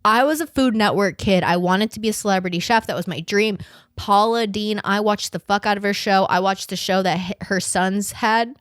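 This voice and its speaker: This podcast host is a twenty-something woman with a mid-range voice, captured at studio quality with no echo. Her casual chat is animated and full of swearing and frequent laughter, and her reading aloud comes out halting.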